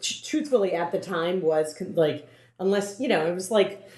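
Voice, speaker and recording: Woman with a lowish voice, rambling casually. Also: expressive, moderate pace, a little mellow. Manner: rambling, with many fillers and restarts. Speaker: podcast host. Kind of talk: casual chat recapping a film. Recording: roomy, echoey room.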